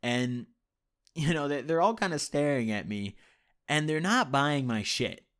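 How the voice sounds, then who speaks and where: A man telling a story on his vlog in a casual, profane, rambling way, full of "you know", swinging between loud and quiet. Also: on the high side, lively intonation, a little slow, clean tone. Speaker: YouTube storyteller.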